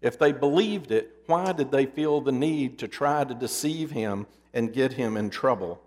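A man preaching a sermon in a deliberate, emphatic storytelling manner, his endings dropping low. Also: darkish tone. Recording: long hall reverb.

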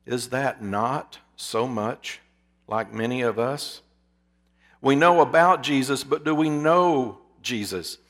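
A man preaching a sermon, asking his listeners rhetorical questions and dropping to a hush for emphasis. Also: mid-range voice, takes it slowly. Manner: drops to a hushed voice for emphasis.

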